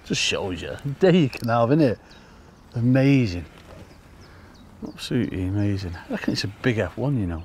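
A man giving excitable, casual commentary to viewers while fishing by a lake. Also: on the low side, normal speed, a little hiss or hum. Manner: chatty, excitable, talks to viewers as folks. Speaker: angler demonstrating fishing. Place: outdoors by a lake.

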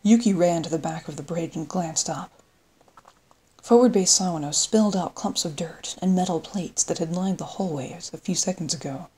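Low husky woman narrating. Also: normal speed. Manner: steady storytelling read. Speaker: audiobook narrator. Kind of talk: scripted narration.

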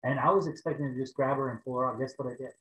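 A man preaching over a video call, telling a personal story in an animated way and raising his voice for the prayers. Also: mid-range voice, racing, echoey room, low-quality recording. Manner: animated storytelling, rising to loud exclaims when acting out prayers. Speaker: pastor.

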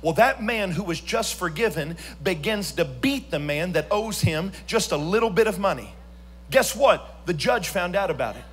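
A man preaching a church sermon as pastor, swinging from quiet storytelling to sung, shouted emphasis. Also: high voice, expressive, normal speed, breathy edge.

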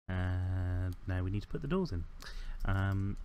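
A man giving casual commentary while playing a building game. He rambles and corrects himself, fills pauses with ums, and adds dry, self-mocking asides. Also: low voice, animated, clean tone, lo-fi sound. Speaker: let's play host.

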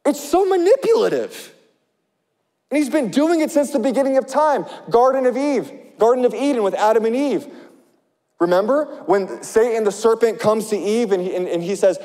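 A male pastor preaching an impassioned sermon, swinging between loud urgent passages and hushed ones. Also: high-pitched, animated, moderate pace, big-room sound.

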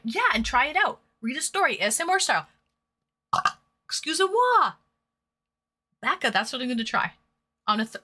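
A woman's voice: fairly high pitch, sharp tone. A woman hosting a live stream in casual chat, reading viewers' messages aloud and answering them.

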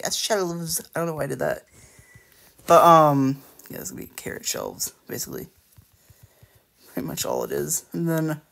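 A let's play creator with a bright-ish, fairly high voice and some vocal fry rambles casually while building in a game. His talk is full of hesitations and restarts.

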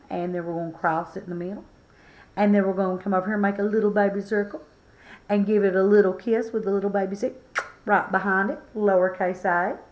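A woman teaching a children's phonics lesson in a playful, encouraging, sing-song way. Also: mid-range voice.

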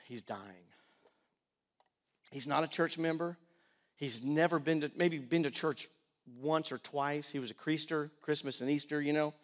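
Middle-aged male preacher with a raised pitch, dynamic sermon delivery that goes from loud to soft. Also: normal speed. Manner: animated preaching, swings from loud pleading to quiet storytelling. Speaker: pastor.

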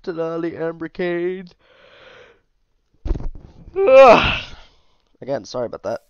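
A tired man rambles cheerfully through a game mod walkthrough with plenty of asides. His voice is smooth and clear at a middling pitch. The sound is dry and close, a little dull on top. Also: expressive, fast talker, a little mellow, dry recording. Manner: chatty, easygoing, with asides and trailing off. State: tired, yawning. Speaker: mod reviewer. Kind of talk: casual gameplay commentary.

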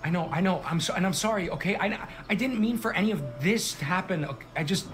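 A man's voice: high voice, fast, fairly bright tone. A mopey, guilty young guy. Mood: apologetic. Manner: mopey, defensive, apologetic. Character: guilty young man, sulky college camp counselor.

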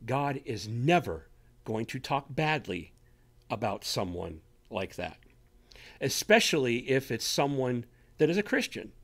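Animated man preaching to listeners. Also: medium pitch, vocal fry. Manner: animated, talks straight to listeners with frequent "okay?". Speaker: radio show host teaching on faith. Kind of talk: conversational sermon.

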